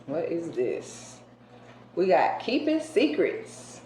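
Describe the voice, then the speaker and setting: A woman doing a casual tarot card reading for her viewers. She talks colloquially and emphatically, jumping between loud outbursts and hushed asides. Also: lowish voice, very animated, takes it slowly. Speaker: tarot reader. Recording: roomy echo with faint background hiss.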